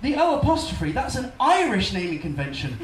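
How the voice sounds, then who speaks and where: English accent, male stand-up comic, teasing crowd, loud background noise. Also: sits high, huge pitch swings, a little fast. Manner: playful, mocking the crowd. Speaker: stand-up comedian. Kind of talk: stand-up set. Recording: echoey club, distant mic, loud noise.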